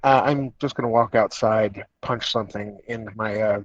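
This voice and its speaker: A man at a tabletop game speaks up loudly and eagerly. The sound is muffled and lo-fi. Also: on the low side, steady tone, moderate pace, dry recording. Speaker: player. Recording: dull lo-fi mic.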